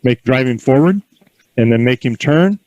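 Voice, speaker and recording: A man giving calm, encouraging instructions in an outdoor horse corral, mixing in folksy stories. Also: medium pitch, moderate pace, dry recording, lo-fi sound. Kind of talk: outdoor coaching with anecdotes.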